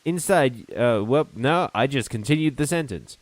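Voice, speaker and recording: A man's voice: medium pitch, expressive, normal speed, hardly any pauses. A man chatting casually over gameplay, rambling, correcting himself and answering his viewers as he goes. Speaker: streamer.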